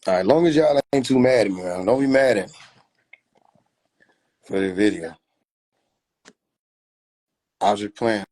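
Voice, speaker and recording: A man's voice: lowish voice, expressive, measured pace, pauses often, a little mellow. A man chatting casually on a phone livestream, loose and profane, laughing often. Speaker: livestream host.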